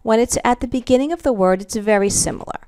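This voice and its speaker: A woman's voice: fairly high pitch, a little mellow, clear, resonant tone, no echo, studio quality. A woman teaching a Spanish pronunciation lesson, repeating each example word and checking in with "okay" and "all right". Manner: slow, careful, repeats example words.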